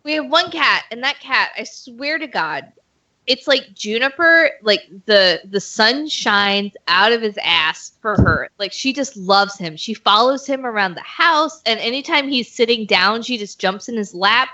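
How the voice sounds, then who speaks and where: Bright-voiced tipsy woman on a video call. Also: on the high side, lively intonation, a little slow. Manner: candid, swearing, tipsy and giggly. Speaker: guest. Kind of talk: casual chat over video call. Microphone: video call mic. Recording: muffled lo-fi stream audio.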